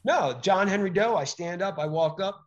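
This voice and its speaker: A man speaking as a podcast guest, emphatic and animated, often acting out little exchanges as he explains. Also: sits high, normal speed, dull audio. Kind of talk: conversational interview.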